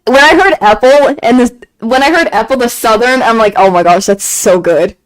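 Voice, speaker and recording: Woman streamer, casual stream chatter, gushing and repetitive, voice sits a bit high. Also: moderate pace, low-quality recording. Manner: excited gushing fan talk, frequent laughs and repeated phrases. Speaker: game streamer. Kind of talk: casual chat on a live stream.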